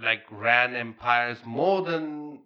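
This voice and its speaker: A man hosts a casual podcast, talking in an animated, slangy way and restarting his sentences as he goes. His voice sits in an ordinary middle pitch. The recording is slightly muffled. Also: slow pace. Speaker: podcast host. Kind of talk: casual chat.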